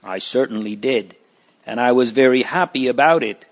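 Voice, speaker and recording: A man's voice: medium pitch, moderate pace, dull audio, lightly acted. A man reading as a kindly old pilgrim. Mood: fatherly. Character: kindly old male pilgrim, warm and wise.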